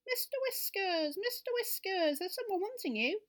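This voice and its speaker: Lady doing a squeaky furry rabbit, cross and slow, way up high. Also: expressive. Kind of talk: storybook reading.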